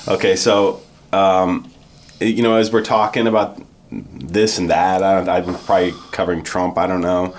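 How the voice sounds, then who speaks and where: A man's voice: sits low, unhurried, a little hiss or hum. A man co-hosting a podcast, telling a story in casual chat and saying "man" a lot. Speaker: podcast co-host.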